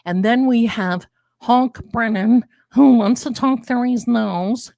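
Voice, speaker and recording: With a slightly high, creaky voice and an unhurried pace, this older woman runs a live stream of tarot and commentary. Her casual talk is chatty and digressive, full of storytelling asides, and the recording has no echo.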